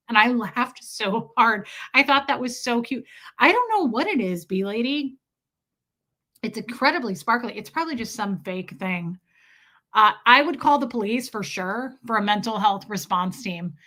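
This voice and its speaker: A woman's voice: on the high side, lively intonation, normal speed, sharp tone. A woman chatting casually with viewers on a live stream, laughing often and greeting people by name.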